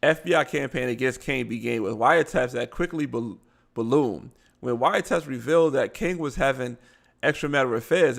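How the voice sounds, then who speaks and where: Man, Baltimore accent, gravelly voice, middle pitch, reads articles aloud with stumbles, casual live show host. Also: fairly bright tone. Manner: reads articles aloud, stumbling over words and adding blunt asides. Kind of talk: casual live commentary reading news aloud.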